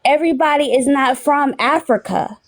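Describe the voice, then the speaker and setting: Sassy woman on a panel, direct, a bit high pitched. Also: normal speed. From United States. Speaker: panel speaker. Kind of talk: heated casual chat.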